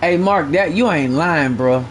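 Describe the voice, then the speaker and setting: A man with a notably high voice, chatting live to his viewers while he plays. He tells stories in a loose, profane and animated way, with a faint hum of noise behind him. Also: unhurried. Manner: profane, animated storytelling to chat. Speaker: game streamer. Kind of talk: casual live-stream chat.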